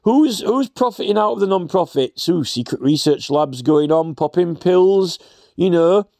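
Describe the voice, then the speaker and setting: A man's voice: high-pitched, lively intonation, unhurried, darkish tone, dry recording, studio quality. Rambling sarcastic man. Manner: rambling, sarcastic, many fillers. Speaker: commentator. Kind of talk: satirical rant.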